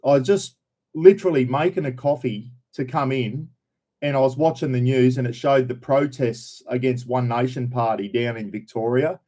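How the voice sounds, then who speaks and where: An older Australian man chatting casually on a live stream. His voice sits at an ordinary middle pitch. He greets viewers one by one and speaks bluntly, with plenty of swearing. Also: moderate pace, warm tone.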